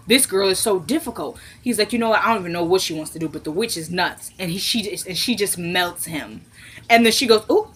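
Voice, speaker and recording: Woman doing a tv episode recap, super animated, acts out everybody's lines, laughs a lot, then goes low and quiet for side comments. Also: slightly rough. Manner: animated, laughs and squeals when amused; acts out characters' lines in quick voices. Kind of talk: casual recap chat to viewers.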